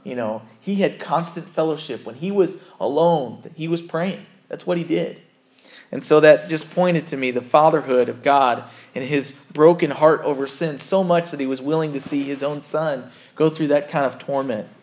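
Guy preaching a sermon, kinda high voice, earnest, talks casual and keeps correcting himself. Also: normal speed, darkish tone. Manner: earnest and conversational, with frequent self-corrections. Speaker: pastor.

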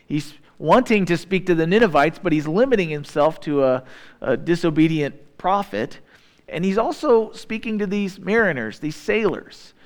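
Male pastor, sermon delivery, slightly higher-pitched voice, relaxed conversational storytelling with questions to the congregation. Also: normal speed.

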